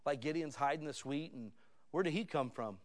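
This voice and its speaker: A man in his fifties preaching a sermon, talking with his listeners in a storytelling way that swings from hushed asides to loud, excited moments. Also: fairly high pitch, fairly quick. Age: 50s. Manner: conversational, addresses listeners as "guys". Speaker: pastor.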